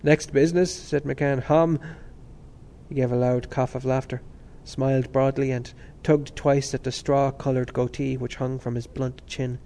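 Audiobook narrator, man, mellow and measured. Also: mid-range voice, creaky. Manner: steady, measured reading. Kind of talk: scripted narration.

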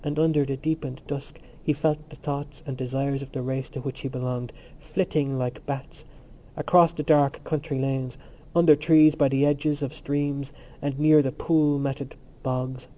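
A man reading literary fiction aloud in a measured, unhurried way, in a muffled recording. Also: medium pitch, flat delivery, dark tone. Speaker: audiobook reader. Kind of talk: scripted literary narration.

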